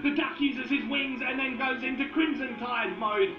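A man giving excitable, profane comedic commentary over animal clips, breaking into yelled outbursts. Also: very high-pitched, moderate pace, few pauses. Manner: excitable, profane, yelling bursts. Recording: roomy, dull lo-fi with faint music.

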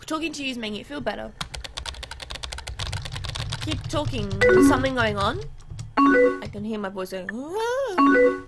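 A woman who hosts a gaming channel reads out both sides of a chat game's messages, reacting in a chatty way. Her voice sits high.

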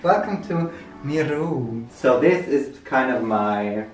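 A woman's voice: a bass voice, expressive, takes it slowly. A playful young woman giving a casual, giggly tour of her small bedroom. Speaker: vlogger. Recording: echoey room with music.

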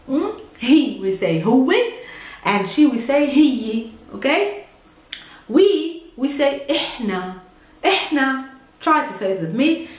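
Palestinian woman, high-voiced Arabic teacher, chatty with learners, roomy echo. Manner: chatty, checks in with frequent "okay?" and "mm?". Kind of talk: casual language lesson.

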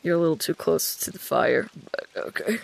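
A woman giving let's play commentary, talking back to a game character with loud exclamations, scolding, frequent laughter and swearing. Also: low-pitched, animated, moderate pace, vocal fry, husky. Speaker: gaming video creator.

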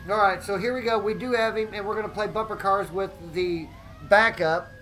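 A man giving excitable live gameplay commentary as a streamer, often exclaiming and greeting his chat. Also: sits high, moderate pace, slight background noise, poor audio.

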